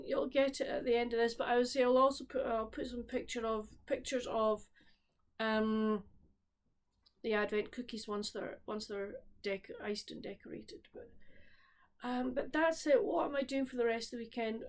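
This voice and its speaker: A woman with a Scottish accent chatting casually about her week as a book vlogger, rambling and often breaking off to restart her sentences. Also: on the high side. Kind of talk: casual chat. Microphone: solo camera recording at home.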